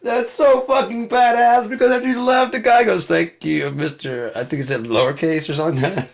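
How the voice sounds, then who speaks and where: A man's voice: very high-pitched, fairly quick. Profane rambling man around fifty. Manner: profane, loose and rambling, bursts into loud laughing outbursts. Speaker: show host. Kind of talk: casual ranting commentary.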